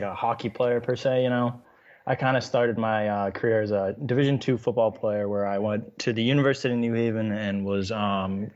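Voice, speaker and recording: A young man from Massachusetts, a college athlete, talks as a podcast guest. He is laid-back, laughs easily and leans on "you know", and his voice comes through slightly dull and lo-fi. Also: mid-range voice. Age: 20s. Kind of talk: casual interview chat.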